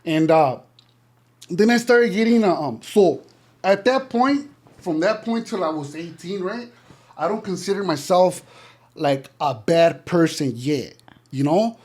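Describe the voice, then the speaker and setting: A man's voice: high voice, expressive, unhurried, a little mellow. A middle-aged man telling stories as a podcast guest, loose and casual, full of slang and "you know" fillers. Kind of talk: casual interview storytelling.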